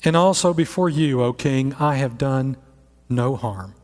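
A man in his sixties voicing a humble male prophet who answers quietly and solemnly, in an echoey hall. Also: medium pitch, measured pace, lightly acted. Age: 60s. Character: humble, calm male prophet replying softly.

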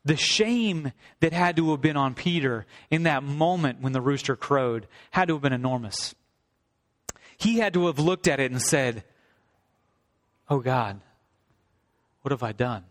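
Man, pastor, sermon, earnest scripture reading, slightly high voice, long hall reverb. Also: animated, normal speed. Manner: reads scripture aloud, then expounds earnestly.

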